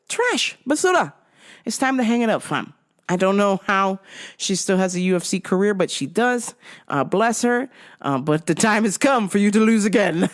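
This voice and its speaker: A woman hosting a vlog, giving casual, profane, giggly commentary full of slang. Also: lowish voice. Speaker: vlog host.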